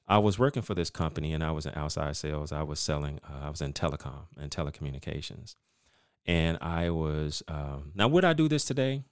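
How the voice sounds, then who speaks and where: A middle-aged man hosting a podcast, telling a story in an animated, emphatic, profane rant. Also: rumbling low, no echo, studio quality. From United States. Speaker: podcast host. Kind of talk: casual rant monologue.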